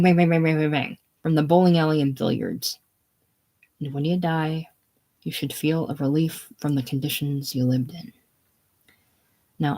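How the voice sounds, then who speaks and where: A reader doing a brash, combative middle-aged woman from a casual play reading, loud and scornful. She mocks and jeers at everyone around her. The pitch sits in a middling range. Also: close to an everyday voice.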